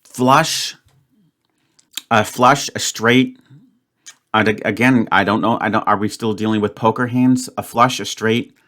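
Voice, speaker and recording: A man's voice: on the low side, fairly even intonation, a little slow, pauses often, fairly bright tone. A man hosting his own puzzle channel, thinking aloud as he solves a word game and grumbling at himself. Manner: thinks aloud, frustrated, muttering self-talk. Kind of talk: solo puzzle-solving commentary.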